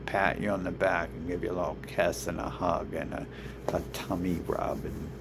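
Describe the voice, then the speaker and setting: A man's voice: low-pitched, creaky, background noise. A man ranting in a rambling, profane monologue, swearing constantly and restarting his sentences. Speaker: vlogger.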